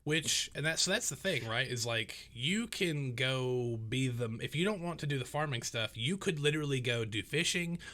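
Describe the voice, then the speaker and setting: A man co-hosting a podcast in casual chat, animated and teasing, often restarting his sentences. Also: mid-range voice, moderate pace, hardly any pauses. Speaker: podcast co-host.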